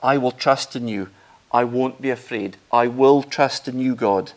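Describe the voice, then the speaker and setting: A man preaching a sermon, earnest and emphatic, rising in pitch and volume on key phrases. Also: a little slow.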